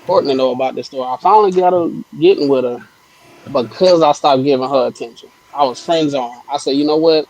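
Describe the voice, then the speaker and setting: A man co-hosting a casual talk show, telling a personal story in a relaxed way. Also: mid-range voice, a little fast, poor audio. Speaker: podcast co-host. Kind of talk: casual chat.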